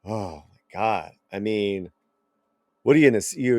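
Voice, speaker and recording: A man hosting a commentary channel, reacting to a clip in a blunt, animated way, swearing and repeating himself. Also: fairly low pitch, unhurried, no room sound.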